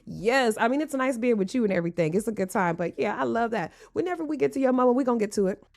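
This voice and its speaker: A woman with a somewhat high voice hosts a casual storytime commentary. She is blunt and sassy and swears freely. She also slips into sarcastic joking asides. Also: expressive, fast talker, a little mellow. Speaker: host reacting to a clip.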